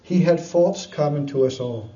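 A man preaching a sermon, retelling scripture with lively storytelling, chuckles and frequent fillers. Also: fairly high pitch, normal speed. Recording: distant, dull, echoey room.

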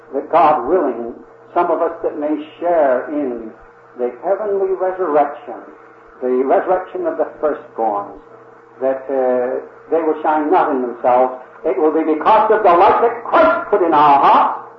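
A man preaching an earnest sermon, repeatedly calling his listeners "dear friends" and rising to emphatic peaks. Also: fairly high pitch. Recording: tinny phone-like band, roomy echo, faint hiss.

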